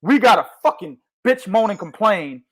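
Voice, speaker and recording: A young man hosting a boxing chat with a high voice that leaps all over the place. His talk is loud, slangy and full of swearing, swinging from low mutters to full shouts. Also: animated, normal speed. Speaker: host of a boxing talk show. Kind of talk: casual boxing chat with heavy profanity.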